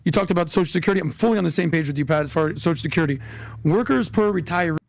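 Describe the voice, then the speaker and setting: A man telling a story on a podcast as a guest, animated and acting out the quotes. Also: on the high side, vocal fry. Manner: animated, rushed storyteller who acts out quotes.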